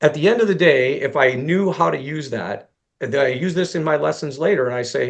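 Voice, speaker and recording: A man's voice: mid-range voice, fairly quick. A man giving a conversational presentation to fellow golf instructors. He tells a long self-deprecating story, acts out both sides of the dialogue, and often restarts his sentences.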